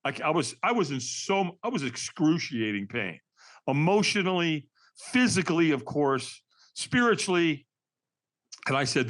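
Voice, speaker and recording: An older man, a podcast guest, telling a personal story in a candid, earnest way and acting out old conversations with lively energy. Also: fairly high pitch, moderate pace. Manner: animated, acts out remembered dialogue.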